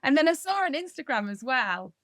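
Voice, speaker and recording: A woman's voice: sits high, a little fast, no echo, studio quality. A woman in her forties, a podcast co-host, telling stories in a casual chat and laughing often. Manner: animated, laughing storyteller.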